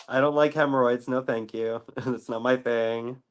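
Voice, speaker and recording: A man's voice: medium pitch, fairly even intonation, unhurried. A man talking as a guest in a casual podcast chat, joking and laid-back, laughing often.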